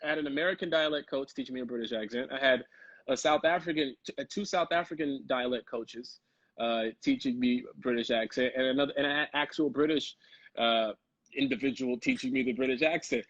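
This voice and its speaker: A young man from Chicago, a guest actor telling stories in a casual, animated way and laughing often. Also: medium pitch, a little fast, no room sound, highs cut off. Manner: animated, laughing storyteller who slips into quoted voices. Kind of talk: casual storytelling.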